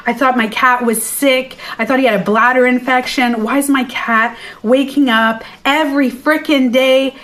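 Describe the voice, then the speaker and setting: A beauty and life coach recounts something from her own life on a livestream, talking into her phone's mic. She's lively and chatty, fairly high-voiced, and blunt, with the occasional swear word.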